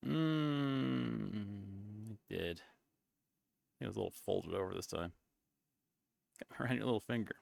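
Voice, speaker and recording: A man's voice: lowish voice, slow pace, creaky, pauses often, a little mellow, no room sound. A man streaming as a VTuber, chatting casually in a playful, teasing way.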